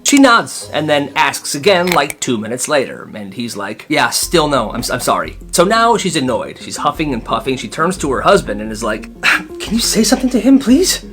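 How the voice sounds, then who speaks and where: Animated man telling funny stories. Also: medium pitch, moderate pace, hardly any pauses, soft background music. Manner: animated, sarcastic commentary. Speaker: storytime narrator. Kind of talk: comedic storytime narration.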